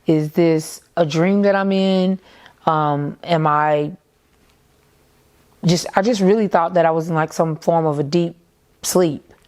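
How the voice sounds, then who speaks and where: A woman tells her story in a slightly low voice. Her speech comes in halting bursts, full of fillers and repeated phrases, in the manner of emotional first-person testimony. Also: fairly even intonation, darkish tone. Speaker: mother recounting her son's death.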